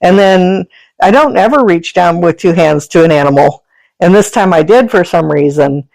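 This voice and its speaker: Her lowish voice is expressive, creaky and a little mellow, moving at normal speed, as this animal sanctuary founder and energy healer rambles chattily through animal stories on a podcast, laughing a lot. The recording is dry and low in quality.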